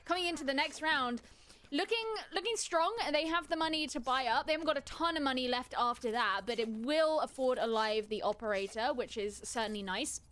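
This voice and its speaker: High-voiced woman esports caster. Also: fairly quick, a bit bright. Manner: chatty, laughs easily. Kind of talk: color commentary. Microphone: headset.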